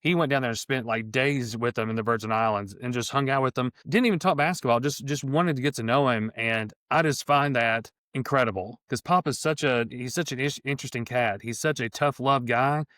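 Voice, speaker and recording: A man's voice: medium pitch, fairly quick, few pauses, a bit bright, no echo, studio quality. A middle-aged man co-hosting a casual sports podcast, talking with enthusiasm and many restarts. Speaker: podcast co-host.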